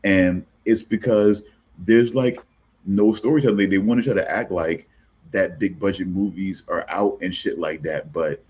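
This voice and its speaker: Deep, husky man rambling. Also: steady tone, moderate pace, a little mellow. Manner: rambling, loose, with many fillers. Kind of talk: casual chat.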